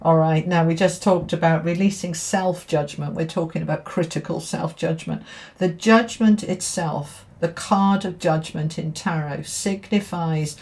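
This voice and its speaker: A woman's voice: sits low, steady tone, unhurried, a little mellow. A middle-aged woman giving a casual tarot reading to camera, chatting and checking in with her listeners as she goes. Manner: chatty, keeps checking in with "okay?" and "all right?". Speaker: tarot reader and spiritual teacher.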